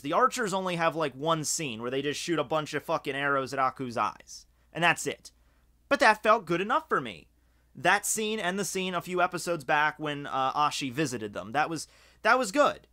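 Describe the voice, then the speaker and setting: A man from Scotland giving casual, rambling video commentary, excited and swearing freely, with lots of fillers. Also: a little high. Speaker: video reviewer.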